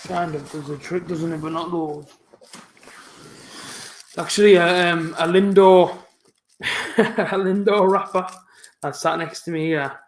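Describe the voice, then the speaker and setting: A young man, chatting casually on a live football watch-along, talking fast with a stutter and some mumbling. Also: fairly high pitch, steady tone, echoey room, a little hiss or hum. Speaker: football fan streamer hosting a live match watch-along. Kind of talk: casual live-stream chat.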